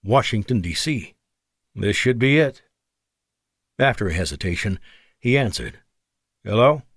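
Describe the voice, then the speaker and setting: A man narrating an audiobook in a measured, expressive way. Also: on the low side, slightly rough, no room sound, studio quality.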